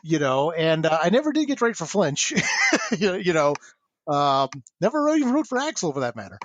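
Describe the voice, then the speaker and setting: A man in his forties, a comics writer and podcast guest, telling stories in a chatty, animated way. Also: fairly high pitch, a little fast, a little hiss or hum. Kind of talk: casual interview storytelling.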